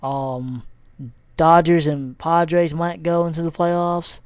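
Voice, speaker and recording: Man, sports vlogger, casual recap; smooth clear voice, unhurried, chatty and full of fillers. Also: fairly high pitch, flat delivery, no echo. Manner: rambling, many fillers and self-corrections. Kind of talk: casual sports recap over a shared screen.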